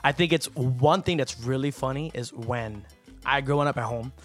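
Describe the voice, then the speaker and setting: A man co-hosting a casual podcast chat, relaxed and laughing easily. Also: medium pitch, moderate pace, faint music behind. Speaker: podcast co-host.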